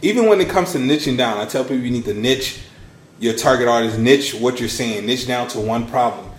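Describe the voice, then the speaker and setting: Guy in his 30s on a podcast, lively storyteller, acts out the quotes, echoey room. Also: a little fast, slight background noise. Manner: animated storyteller, acts out quotes with big pitch swings. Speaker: podcast guest, launch strategist. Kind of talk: casual storytelling interview.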